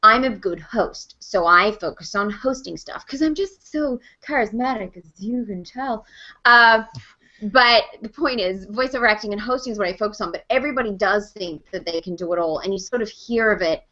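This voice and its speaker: A woman, a voice actor and host, telling stories in a chatty, animated way during an interview over a video call. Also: medium pitch, lo-fi sound. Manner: chatty, animated storyteller, quick laughs. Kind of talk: casual interview chat.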